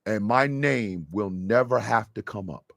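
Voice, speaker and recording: Impassioned gravelly man ranting on radio. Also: a little slow, dry recording, clean studio sound. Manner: swings from low, intense murmur to shouting, profane. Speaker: radio show host. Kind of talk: impassioned on-air rant.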